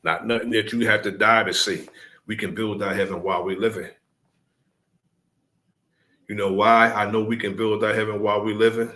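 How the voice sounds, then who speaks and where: A man addressing his followers in a deliberate, preaching cadence, repeating his key points. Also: lowish voice, flat delivery, sharp tone.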